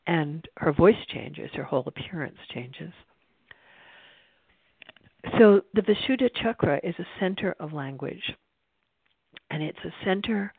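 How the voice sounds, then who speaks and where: A meditation teacher giving a spiritual talk in an unhurried, reflective way, with frequent restarts, over a tinny phone-like line. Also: medium pitch, no room sound. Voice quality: creaky.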